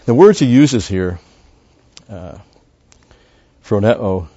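Low-ish and breathy, with lively intonation and drawn-out words, a pastor's voice carries a scripture-based sermon. He gets louder to emphasize key words and uses fillers and restarts; the recording is dull and lo-fi.

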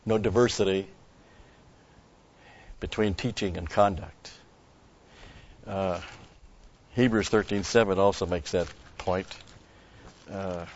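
This expository sermon comes from a male pastor whose voice sits on the low side, in a muffled recording. He talks deliberately, breaking off to explain Greek word meanings.

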